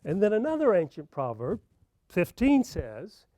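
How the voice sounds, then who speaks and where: A man's voice: high-pitched, wildly swooping pitch, a little slow, warm tone, dry recording. A middle-aged man giving a conference talk, telling a personal story and acting out the dialogue. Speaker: conference speaker.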